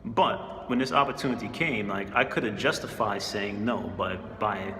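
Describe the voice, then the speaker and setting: A man's voice: fairly low pitch, normal speed, bright, forceful tone, reverberant, long reverb tail, a little hiss or hum. A man casually telling a personal story in a laid-back, slangy way, chuckling often. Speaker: spiritual channel host.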